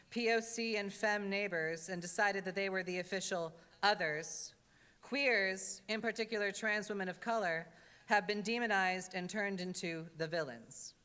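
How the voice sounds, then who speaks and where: A woman's voice: mid-range voice, sharp tone, clear, resonant tone. A woman drag entertainer giving a wry, earnest address with comic asides at a church service. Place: church sanctuary. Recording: reverberant church hall.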